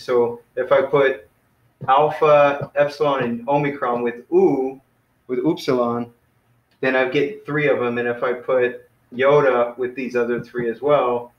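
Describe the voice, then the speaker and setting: A man teaching a casual online beginner class, relaxed and friendly, often saying "man" and "you know.". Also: mid-range voice, reverberant, muffled recording.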